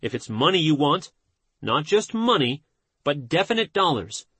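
A man reading a self-help book aloud in a measured, earnest manner. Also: fairly high pitch, very animated, fairly bright tone, breathy edge, dry recording. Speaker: audiobook narrator. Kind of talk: scripted narration.

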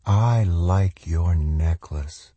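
A sinister demon in the shape of a young man speaks in a soft, pleasant, unhurried voice, as a male narrator plays him. The tone is husky and close, with a dry sound. It is a storybook reading. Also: fairly low pitch, animated, no room sound, heavily acted. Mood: soft menace. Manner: soft and gently coaxing. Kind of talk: audiobook character voice.

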